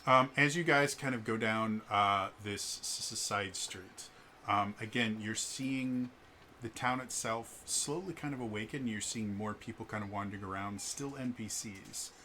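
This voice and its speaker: Male game master, bright and forward, slow and halting narration. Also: on the low side, a little hiss or hum.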